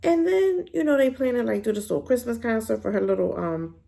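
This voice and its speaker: A woman giving a casual, animated spoken review of a drama, talking in a colloquial, emphatic way. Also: fairly quick, gravelly. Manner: animated, emphatic, colloquial with pitch jumps when worked up.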